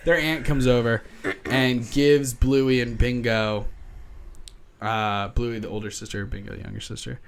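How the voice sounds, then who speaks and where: A man's voice: medium pitch, a little slow, gravelly, clean tone. A man co-hosting a casual podcast, telling stories with frequent laughter and casual swearing. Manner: laughs often, swears freely, animated storytelling. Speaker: podcast co-host. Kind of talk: casual chat.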